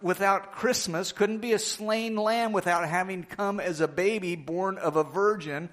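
A man preaching a sermon, reading scripture aloud with slow, emphatic phrasing that drops low and quiet on key words.

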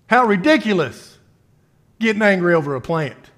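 A man's voice: fairly high pitch, expressive, measured pace, pauses often. A man preaching a sermon in a conversational way, reading scripture and asking the listeners rhetorical questions.

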